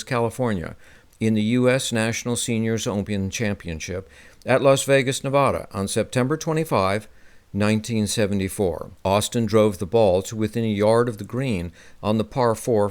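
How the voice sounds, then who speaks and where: A man narrating a first-person memoir in a measured, descriptive way. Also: on the low side. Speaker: audiobook narrator.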